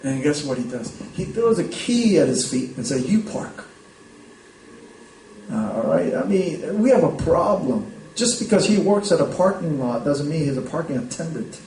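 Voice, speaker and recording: High-voiced pastor in an echoey hall. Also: male voice, very animated, normal speed, few pauses, a little mellow, slight background noise. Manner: conversational storytelling, frequent "right?" checks. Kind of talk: sermon. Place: church sanctuary. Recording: roomy hall, voice from a distance.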